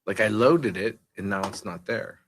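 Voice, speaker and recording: A man working as the show's producer, talking in a calm, low-key way. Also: moderate pace. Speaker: show producer.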